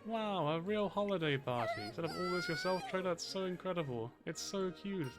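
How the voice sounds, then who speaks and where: A man's voice: high-pitched, animated, normal speed, over loud music. A man reading aloud the lines of a cheerful, upbeat young horse girl from a game, in a bubbly tone.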